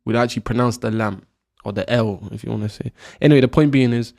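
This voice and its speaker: A man's voice: mid-range voice, fast talker, vocal fry, a little mellow. A man with a British accent teaching Arabic pronunciation. He drills each syllable over and over and keeps checking in with "right?". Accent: British English. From Britain. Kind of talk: slow, patient pronunciation lesson.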